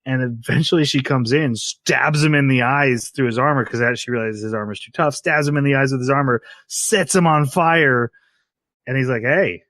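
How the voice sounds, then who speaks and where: A man co-hosting a casual podcast, recapping scenes in quick bursts and acting out the lines with a laugh. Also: mid-range voice, fairly bright tone, no echo. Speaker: podcast co-host. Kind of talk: casual chat.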